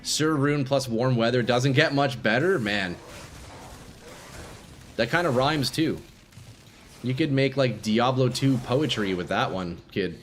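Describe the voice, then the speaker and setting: Young man, game streamer, casual live commentary, swears a lot, mid-range pitch. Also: a little slow, pauses often, a little hiss or hum. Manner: laid-back, swears freely, chats with viewers.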